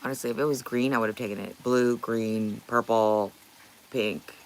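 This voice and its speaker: A middle-aged Canadian woman hosts a casual livestream in a rumbling low, steady, darkish voice at a moderate pace, with a little hiss or hum. She chats bluntly with viewers, swearing freely and laughing often.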